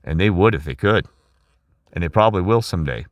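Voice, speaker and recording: A man's voice: low voice, animated, a little fast, no echo, studio quality. A middle-aged man talking in a rambling, emphatic monologue, asking listeners questions and restarting his sentences. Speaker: channel host.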